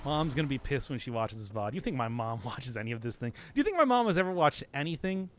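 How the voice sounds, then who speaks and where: A man's voice: medium pitch, big pitch swings, fast talker, a bit bright, a little hiss or hum. A man streaming a video game, chatting casually in a rambling, joking way and laughing often. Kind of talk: casual live-stream commentary.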